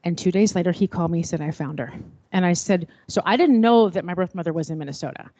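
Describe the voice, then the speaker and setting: A middle-aged woman telling a personal story at a panel, expressive and acting out remembered dialogue. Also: on the low side, quick pace, no echo. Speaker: panel speaker.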